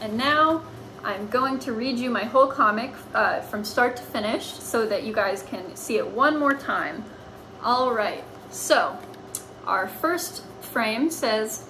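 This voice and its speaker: A woman's voice: a little high, animated, unhurried, sharp tone, a little hiss or hum, poor audio. A woman teaching a lesson on writing comics, explaining patiently as if to children.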